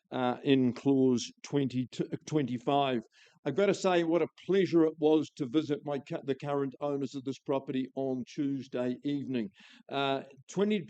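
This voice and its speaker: A man's voice: a little high, warm tone, clear, resonant tone, no echo, lo-fi sound. A man with a New Zealand accent calling a live property auction, with a florid, enthusiastic sales patter.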